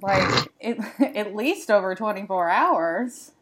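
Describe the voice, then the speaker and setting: A woman's voice: mid-range voice, lively intonation, slow pace, a bit bright. A woman co-hosting a podcast in casual chat, with a congested morning voice, rambling and filler-heavy. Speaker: podcast co-host. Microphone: computer mic on a video call.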